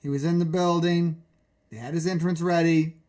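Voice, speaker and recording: A man streaming, ranting about a wrestling show in a profane, excitable way, full of incredulous questions. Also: a little high, moderate pace.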